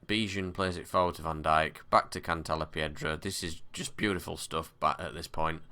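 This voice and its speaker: A man talks through his football management game in a relaxed commentary style, breaking into excited calls. His voice sits low but sounds bright and crisp. He sighs and mutters between the louder moments. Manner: excitable match commentary with quick bursts and sighs. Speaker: gaming commentator. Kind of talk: casual let's-play commentary.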